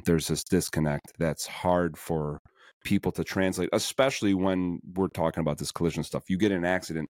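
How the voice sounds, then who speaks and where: A man hosting a podcast in casual interview chat, animated and full of fillers and restarts. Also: low voice, a little fast, no room sound, clean studio sound. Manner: animated, many fillers and restarts, acts out quoted people. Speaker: podcast host.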